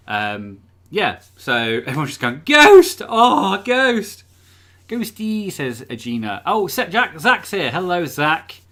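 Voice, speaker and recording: Bright-voiced chatty man streaming. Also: mid-range voice. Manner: rambling, filler-heavy, chatty. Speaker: livestream host. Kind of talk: casual live-stream chat. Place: room at home.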